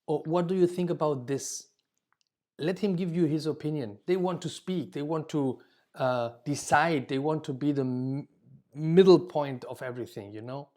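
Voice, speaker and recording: Warm-toned man lecturing dentists. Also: on the high side, moderate pace. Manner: explains with example phrases, frequent "okay?" check-ins; self-corrects mid-word. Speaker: dental communication instructor.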